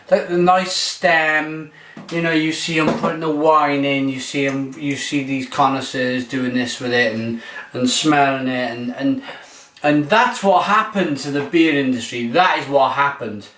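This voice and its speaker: A man's voice: medium pitch, normal speed, fairly bright tone. A man giving a casual, enthusiastic beer tasting review. He rambles with fillers as he talks. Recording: roomy echo, mic far off.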